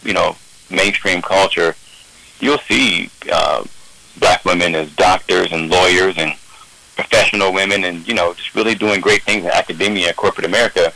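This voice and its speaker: A man calling into a radio talk show, speaking earnestly and measured with frequent restarts. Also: sits low, fairly even intonation, vocal fry, bright, forceful tone, no room sound, poor audio. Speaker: call-in guest.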